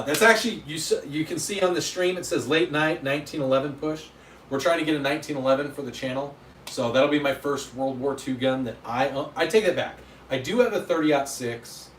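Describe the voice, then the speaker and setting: This fairly high-pitched male voice comes with slight background noise. He's a Utah livestream host chatting loosely and answering viewer comments with self-deprecating humor, recorded in an echoey room with the mic at a distance.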